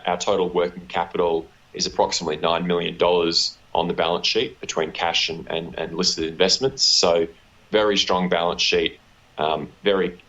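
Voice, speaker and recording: Australian guy, really low voice, lots of ums and restarts, kinda muffled lo-fi sound. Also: a bit bright. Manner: halting, repeats words, many ums. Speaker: company executive guest. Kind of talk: business interview.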